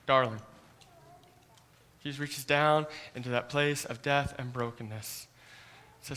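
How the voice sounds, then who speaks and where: A man delivering a sermon with a bright, forward voice. He speaks earnestly, often sinking into a quiet hush, and stumbles over repeated words at the start of his phrases. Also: medium pitch, fairly even intonation, unhurried, long pauses. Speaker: pastor.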